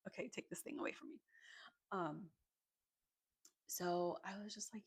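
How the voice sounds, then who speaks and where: Husky low-voiced woman telling a story. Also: steady tone, normal speed, long pauses. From Arizona. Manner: chatty, many "like" fillers, casual swearing. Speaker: energy healer and Reiki practitioner. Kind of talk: casual storytelling to camera. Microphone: microphone in front of her.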